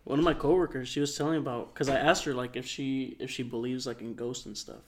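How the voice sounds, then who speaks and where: A man of middling pitch telling a story on a podcast in a relaxed, rambling way. He speaks softly and fills his sentences with "like" as he goes. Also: quick pace. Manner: rambling, soft-spoken, lots of "like". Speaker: podcast co-host. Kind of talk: casual storytelling.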